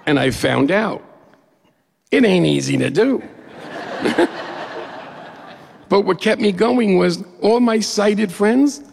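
A man's voice: sits high, unhurried, creaky, darkish tone, in a large hall. A middle-aged man from New York State telling a humorous personal story to an audience, speaking directly to his listeners.

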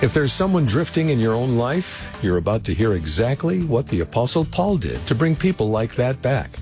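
A man reading a scripted program introduction in a smooth, upbeat announcer style. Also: medium pitch, very animated, moderate pace, a little mellow. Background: guitar music.

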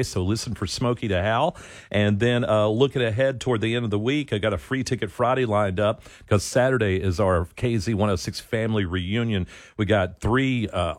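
Laid-back radio DJ, dry studio sound. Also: male voice, lowish voice, no room sound. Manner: relaxed, chatty, with fillers. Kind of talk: casual radio chat with promos.

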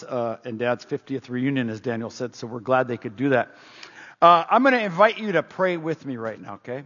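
A middle-aged man preaches with a high, husky voice, hammering his points home by repeating them. The sound is dull and carries a long hall reverb. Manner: animated, emphatic and repetitive. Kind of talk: sermon.

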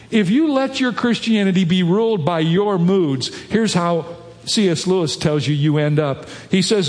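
A man's voice: high-pitched, animated, normal speed, darkish tone, long reverb tail. A man pastor delivering a sermon, earnest and emphatic, lifting his voice on key points.

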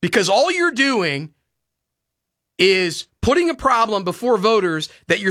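A man's voice: high-pitched, sing-song, measured pace, fairly bright tone, no room sound, studio quality. A man hosting a talk radio show, ranting and pleading in a heated, impassioned way.

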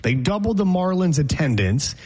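A man's voice: fairly high pitch, sing-song, moderate pace, darkish tone, slightly rough. A man hosting a sports talk show, opinionated and rambling as he jokes through the banter.

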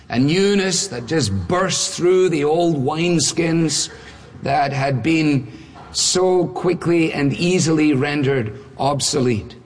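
A man preaching a sermon, building emphatic rhetorical questions with touches of wry humor. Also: a little high. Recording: long reverb of a large hall.

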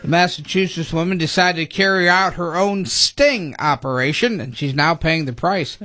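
A man's voice: a little high, normal speed, bright, forceful tone. A man co-hosting a casual news show, reading stories aloud and dropping dry quips.

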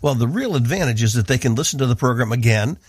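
A man from the northeastern United States, hosting a radio program with earnest, measured devotional Bible teaching. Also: mid-range voice, expressive, slightly rough, dry recording, studio quality.

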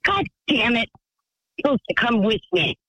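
A man voicing a rambling, excitable woman calling in to a radio show. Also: extremely high pitch, normal speed, husky, dry recording, heavily acted, rough recording. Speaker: caller.

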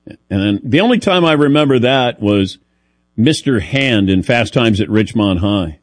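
A man's voice: lowish voice, animated, moderate pace, no room sound. Chatty male sports-talk host, dry sound. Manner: chatty storytelling, self-deprecating humor. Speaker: radio show host.

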